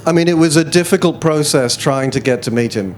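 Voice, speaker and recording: A man's voice: a little high, a little fast, a little hiss or hum. Rambling self-deprecating male festival guest. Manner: rambling, self-deprecating, hesitant with many fillers. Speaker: interview guest, musician. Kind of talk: casual live stage chat. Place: festival chat tent before an audience.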